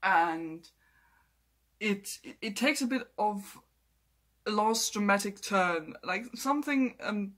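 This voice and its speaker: A man reviewing a TV episode in excited casual chat, often repeating himself and restarting his words. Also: high voice, slow pace.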